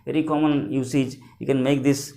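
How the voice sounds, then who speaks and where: A man, teaching a lesson and explaining words slowly and repetitively, spelling some out letter by letter. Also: medium pitch, little pitch movement, gravelly, dark tone. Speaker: English teacher.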